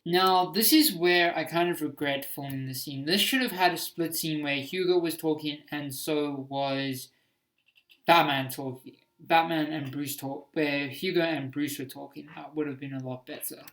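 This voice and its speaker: A man's voice: fairly high pitch, moderate pace, fairly bright tone. A man giving casual commentary on his own homemade film, hesitant and self-critical, with many restarts.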